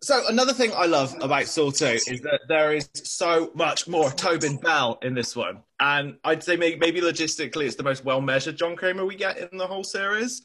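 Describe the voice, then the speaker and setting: Brief: male podcast co-host, husky and bright, quick with jokes and swearing. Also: on the high side, lively intonation. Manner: jokey, swears, laughs often. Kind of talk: casual film-review chat.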